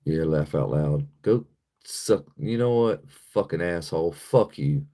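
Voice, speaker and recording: A man with an extremely low, dark voice hosts a casual livestream, speaking expressively at a measured pace. He talks bluntly and profanely to his chat and laughs often.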